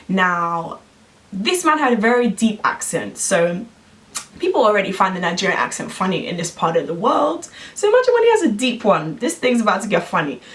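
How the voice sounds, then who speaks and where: A lively woman, chatting to camera in a casual vlog and acting out the voices of people in her story. Her pitch sits in an ordinary middle range. The mic is set back from her, so she sounds a little distant. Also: brisk. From London, England. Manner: animated, acts out quoted voices. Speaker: vlogger.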